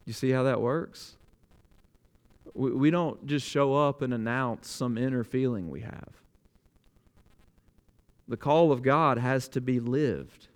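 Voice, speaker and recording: A man's voice: mid-range voice, takes it slowly, long pauses. A man preaching a sermon as pastor, earnest and emphatic, often repeating a word as he restarts a thought.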